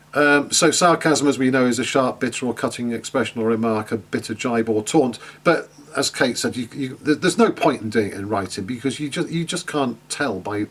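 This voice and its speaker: Husky man teaching a class. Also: medium pitch. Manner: chatty, many fillers and restarts, asks students questions. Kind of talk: online lecture.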